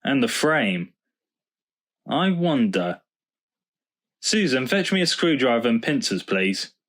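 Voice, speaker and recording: A man's voice: mid-range voice, very animated, slow pace, heavily acted. A man voicing a patient, thoughtful father who is a vicar, in a storybook reading. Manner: warm, thoughtful and explaining.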